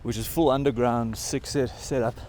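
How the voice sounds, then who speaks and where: A man's voice: mid-range voice, fairly even intonation, moderate pace, darkish tone, slight background noise. Breathless South African man vlogging on a hike. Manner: rambling, loose, lots of fillers. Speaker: travel vlogger. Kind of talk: casual vlog chat while hiking. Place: outdoors on a high mountain trail.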